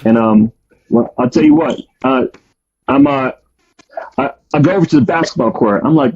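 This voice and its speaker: Rambling man telling a story, husky. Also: mid-range voice, moderate pace, pauses often, darkish tone. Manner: rambling, many fillers and restarts. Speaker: guest storyteller. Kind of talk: casual storytelling. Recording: dull lo-fi audio.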